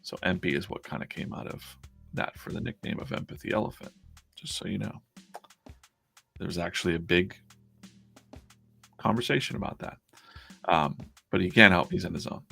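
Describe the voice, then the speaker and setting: Deep, gravelly-voiced man chatting on a stream. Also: normal speed, long pauses, sharp tone, soft background music. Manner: rambling, chatty, with many restarts. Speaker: comic artist and stream host. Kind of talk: casual live-stream chat.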